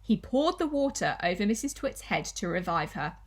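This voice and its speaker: A woman primary school teacher reading a children's story aloud with expressive storytelling. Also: mid-range voice, normal speed.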